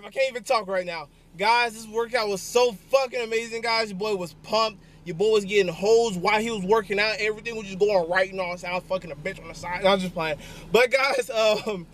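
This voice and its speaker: A young man talking straight to a handheld camera in a crude, joking vlog. His voice sits high and sounds bright and forceful. Every so often he breaks into loud, shouted hype. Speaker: fitness vlogger. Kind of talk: casual vlog chat to camera. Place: gym and home.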